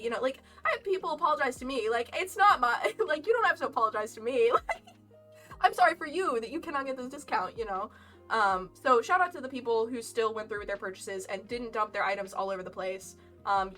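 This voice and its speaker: A woman's voice: fairly high pitch, pushed and bright, recorded from a distance. A young woman streamer telling a casual story, chatty and rambling with frequent laughs. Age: young adult. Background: lo-fi game music.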